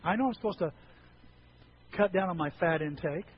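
A man preaching a sermon to his church, swinging between hushed asides and loud, animated outbursts. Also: high voice, a little fast, muffled recording, slight background noise. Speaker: pastor.

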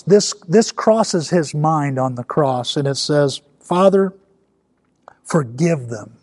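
A man's voice: medium pitch, a little mellow, breathy edge, no room sound, studio quality. A man preaching a sermon in a conversational way, building to emphatic peaks. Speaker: pastor.

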